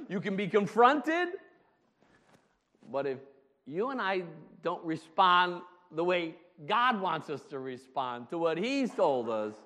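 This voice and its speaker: A man's voice: on the high side, a bit bright. A man preaching a sermon as pastor, emphatic and full of rhetorical questions, laughing often between points. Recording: long hall reverb.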